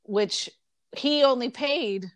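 A woman's voice: high voice, slow pace, smooth, no echo. Chatty woman retelling a plot, dry sound. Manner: animated retelling with quoted voices, frequent ums. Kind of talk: casual chat retelling a story.

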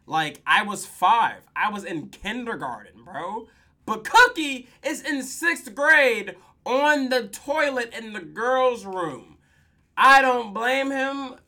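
Animated slangy podcast host. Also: medium pitch, slow. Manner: animated, slangy, profane storytelling with laughs. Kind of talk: casual episode recap.

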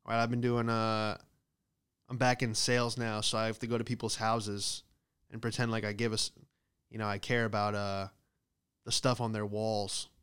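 Profane man ranting in a smooth voice. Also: on the low side, moderate pace. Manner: profane, animated storytelling with loud acted outbursts. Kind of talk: rambling comedic monologue.

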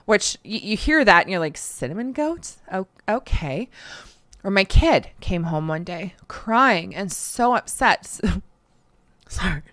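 Canadian podcast lady in her thirties, laughs a lot, super animated voice, dry close sound. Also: medium pitch, measured pace, no echo. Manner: laughs often, rambling storytelling. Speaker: podcast co-host. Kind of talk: casual chat.

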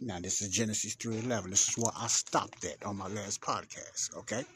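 Husky man giving casual Bible teaching. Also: on the low side, expressive, brisk. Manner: conversational, emphatic, rambling with restarts and asides. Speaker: Bible study podcaster.

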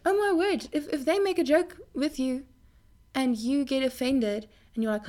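A young woman speaking earnestly in a Christian faith talk to her viewers, often repeating words as she goes. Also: normal speed. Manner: animated pitch jumps.

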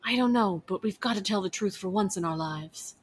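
A woman's voice: medium pitch, fairly quick, slight background noise, natural voice. A woman playing a jealous furious wife. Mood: overwrought. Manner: overwrought, mock-dramatic.

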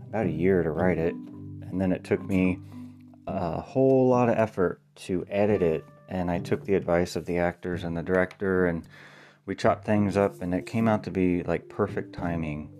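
Male playwright, deep voice, loose spoken monologue, pauses and spells words out. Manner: thinks aloud with ums, spells words letter by letter. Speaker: playwright and podcast host.

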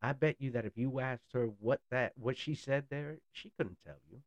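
A man's voice: medium pitch, moderate pace, no room sound. A man in a blunt, sarcastic ranting monologue who swears freely. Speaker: political commentator.

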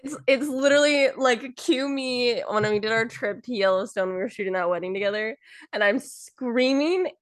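A young woman co-hosting a podcast in casual chat, excitable and theatrical, acting out quotes as she talks. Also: fairly high pitch, moderate pace, dry recording, studio quality. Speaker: podcast co-host.

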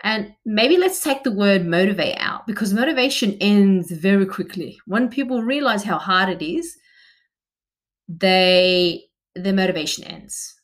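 A woman's voice: mid-range voice, expressive, a little slow. A woman in her thirties, a personal trainer, talking directly and chattily to the listener about exercise motivation and asking questions. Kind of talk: motivational talk to camera.

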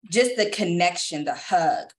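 A woman sharing a parenting story in a relaxed conversational chat, lively and animated as she acts out what everyone said. Her voice sits a little low for a woman. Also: measured pace. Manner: animated storyteller who acts out quotes and laughs often. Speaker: podcast co-host and mother.

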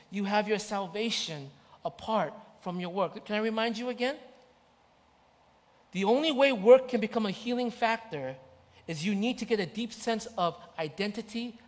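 A man preaching a sermon as pastor, impassioned and repetitive. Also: high-pitched. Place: church. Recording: church hall reverb.

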